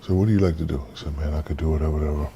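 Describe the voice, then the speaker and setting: A man in his fifties from the United States, an interview guest telling stories in a relaxed, casual way and acting out the voices in them. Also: extremely low pitch, very fast, gravelly, dull audio, a little hiss or hum. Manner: relaxed storyteller, acts out quoted dialogue.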